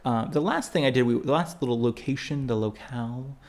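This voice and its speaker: A man's voice: medium pitch, fairly quick. A man co-hosting a podcast, chatting casually about travel, rambling with lots of fillers and restarts. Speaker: podcast co-host.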